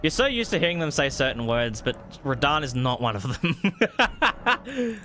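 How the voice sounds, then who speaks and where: A man streaming a video game, giving excitable live commentary, swearing freely and laughing often. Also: fairly high pitch, unhurried, a little hiss or hum. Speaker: gaming streamer.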